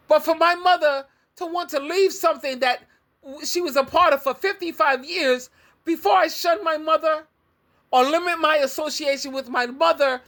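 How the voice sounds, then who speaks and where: Older woman advice vlogger, high voice, blunt and preachy, hammers key words by repeating them. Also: a bit bright. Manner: preachy, lecturing tone. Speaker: advice coach and Christian counselor. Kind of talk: personal vlog monologue.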